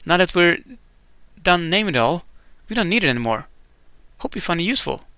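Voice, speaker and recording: Guy doing a high friendly young princess voice, curious, bit gravelly. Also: sing-song, brisk, bright, forceful tone, no echo, exaggerated voice. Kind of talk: reading game dialogue aloud.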